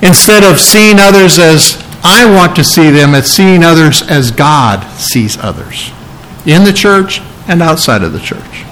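A man's voice: on the high side, animated, unhurried, a bit bright, slight background noise, rough recording. A man preaching a sermon, teaching earnestly and stressing key phrases by repeating them. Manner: earnest, emphatic teaching with repetition. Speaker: pastor.

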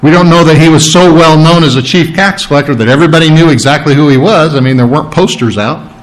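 Conversational male preacher, slightly high voice. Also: fast talker. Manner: conversational, repeats words for emphasis, frequent throat-clearing. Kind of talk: sermon.

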